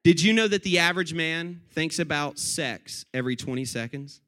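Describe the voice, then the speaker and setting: A man preaching a sermon to his congregation, animated and addressing them directly. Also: on the high side, normal speed. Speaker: pastor.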